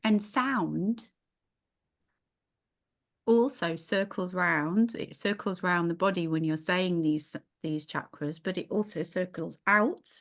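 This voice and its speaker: Musing middle-aged woman, lowish voice. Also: slow, a bit bright. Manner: musing, thinks aloud with restarts. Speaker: yoga teacher. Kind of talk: casual teaching in a small group.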